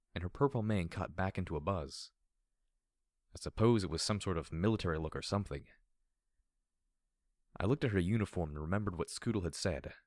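A man reading a first-person story aloud in a steady, low-key narration. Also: no room sound, studio quality. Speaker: audiobook narrator.

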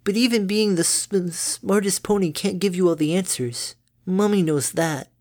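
A woman's voice: medium pitch, expressive, normal speed, darkish tone, pitched above the performer's own voice, close to an everyday voice. A woman voicing a clumsy, doting mother pony who stammers over her words in a fan fiction reading. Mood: pleading. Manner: stammers on words, bubbly and tender.

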